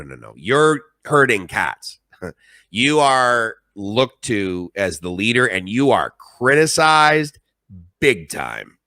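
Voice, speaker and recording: A man's voice: medium pitch, pushed and bright, no echo, clean studio sound. A middle-aged man telling stories on a live stream in a rambling, emphatic and emotional way. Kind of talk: casual live-stream monologue.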